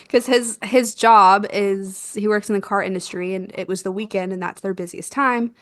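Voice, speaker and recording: Animated young woman telling a birth story. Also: medium pitch, moderate pace, few pauses, no echo. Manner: animated, laughs often, acts out quoted dialogue. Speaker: podcast guest, doula.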